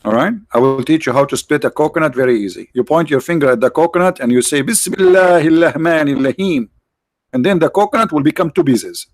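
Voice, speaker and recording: A man hosting a live stream with mocking, sarcastic commentary and rhetorical questions, his voice tired, clearing his throat now and then. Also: mid-range voice, lively intonation, quick pace, hardly any pauses, no echo. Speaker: online show host.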